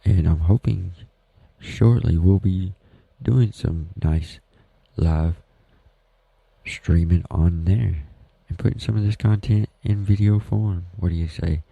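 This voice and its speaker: A deep-voiced man with a Southern US accent hosts a casual solo podcast from home, rambling in a folksy, self-deprecating way. He speaks slowly with vocal fry and a slightly rough edge. The recording is dry, with narrow, tinny audio.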